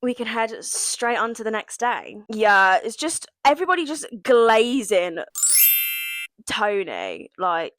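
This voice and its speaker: A woman's voice: a little high, very animated, moderate pace, fairly bright tone, dry recording. Dramatic, sarcastic young woman vlogger. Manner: dramatic, sarcastic, mock-outraged. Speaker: vlogger recapping a reality show. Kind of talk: casual reaction commentary.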